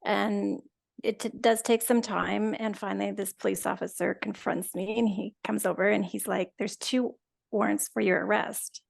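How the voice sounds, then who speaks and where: A woman, a guest, retelling a personal story in a chatty, animated way with lots of quoted dialogue. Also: mid-range voice, normal speed, creaky. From Canada. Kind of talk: casual storytelling.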